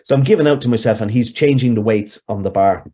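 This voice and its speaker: Brief: Irish man, 60s, warm husky voice, rambling interview storyteller. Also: medium pitch, fast. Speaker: hypnotherapist guest.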